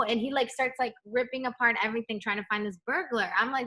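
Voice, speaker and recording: A young adult woman, a pop singer, chatting in a remote interview from home, animated and laughing as she acts out the people in her stories. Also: on the high side, quick pace, hardly any pauses. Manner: animated storyteller, acts out quotes, laughs often. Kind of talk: casual interview chat. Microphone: home setup, remote interview.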